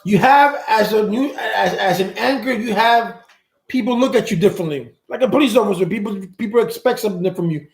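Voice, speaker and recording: A live stream host reads viewer comments and rambles through his opinions, often repeating words as he searches for them. His voice sits high and moves a little fast, in an echoey room.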